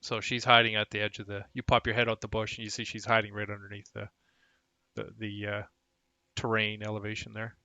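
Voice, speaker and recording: Gravelly, bright-voiced man running a game. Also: lowish voice, completely flat delivery, no echo. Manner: halting, full of fillers. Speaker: game master. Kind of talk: narrating a tabletop game.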